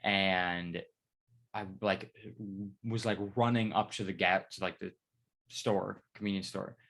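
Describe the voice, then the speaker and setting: A young man co-hosting a casual podcast, with a voice that sits a bit on the low side. He rambles through his stories with plenty of swearing and gets animated as he retells them. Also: unhurried, vocal fry. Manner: rambling storytelling, heavy swearing, lively retelling. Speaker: podcast co-host. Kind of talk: casual chat.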